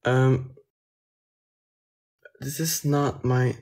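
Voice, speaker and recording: An unhurried man with a French accent talks on a phone livestream, taking his time between words. His speech is soft and halting, with a mid-range pitch, and he often trails off as he answers viewer comments. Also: fairly even intonation, creaky. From France. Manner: soft-spoken, hesitant, trailing off. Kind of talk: casual livestream chat.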